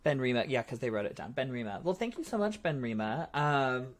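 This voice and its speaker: A woman's voice: very deep voice, lively intonation, fairly quick. A woman co-hosting a podcast, playful and self-deprecating in casual chat. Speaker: podcast co-host.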